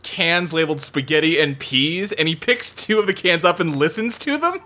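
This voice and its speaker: A man co-hosting a relaxed recap, telling the story with amused, animated energy. His bright voice rises and falls widely as he goes. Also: a little high, normal speed. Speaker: podcast co-host. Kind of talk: casual chat recapping a TV episode.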